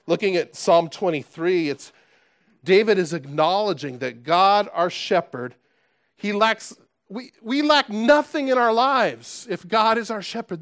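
A man delivers a sermon with earnest emphasis. His voice sits a little high for a man. He restarts phrases often and keeps asking his listeners rhetorical questions. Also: a bit bright, no room sound, clean studio sound. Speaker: pastor.

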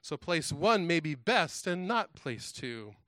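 A fretful, foolish storybook creature that cannot make up its mind, as a man reads it out from a rhyming tale. The voice sits a little high, in a dry, close sound. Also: sing-song, slow pace, pushed and bright, no room sound, exaggerated voice. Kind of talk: reading a rhyming children's story aloud.

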